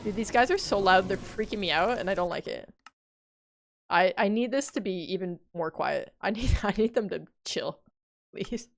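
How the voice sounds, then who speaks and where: A woman's voice: medium pitch, normal speed, vocal fry. A woman streaming a game live, talking to her chat, jumpy and swearing as she plays. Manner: jumpy, swears, talks to chat while playing.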